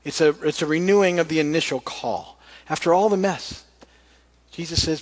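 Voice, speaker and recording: A man with a fairly high voice preaches in a relaxed, conversational way. He tells scripture as a story and reads passages aloud. Quoted lines come out softer and quieter. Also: moderate pace. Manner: casual, storytelling, acts out quoted lines softly. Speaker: pastor. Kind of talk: conversational sermon with scripture reading.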